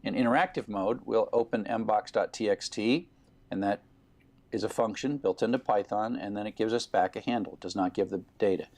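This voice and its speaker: A man's voice: on the low side, brisk, a little mellow. A man giving a recorded programming lecture, explaining steadily with fillers.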